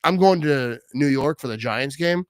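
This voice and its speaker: A young man hosting a casual sports talk show, excitable and slangy, reading out fan messages. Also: mid-range voice, moderate pace, smooth, no echo. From Wisconsin. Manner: excitable, slangy, says "bro" and "you know what I mean" a lot.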